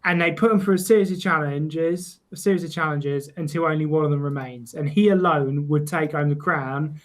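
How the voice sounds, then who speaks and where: A man's voice: on the high side, moderate pace. A man co-hosting a podcast, recounting a show in mock-dramatic, sweary style. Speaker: podcast co-host. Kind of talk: casual comedic chat.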